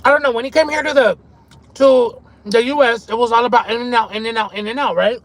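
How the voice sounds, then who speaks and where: Man, high-pitched voice, profane, excitable, eating on a live stream, parked car. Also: fairly quick, poor audio. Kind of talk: casual live-stream chat while eating.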